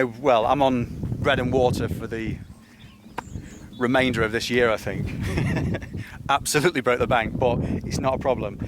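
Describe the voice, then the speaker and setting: A man chatting casually to camera on a cliff top, relaxed and enthusiastic. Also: medium pitch. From England. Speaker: outdoor vlogger. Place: cliff top outdoors at evening. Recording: noisy outdoor camera audio.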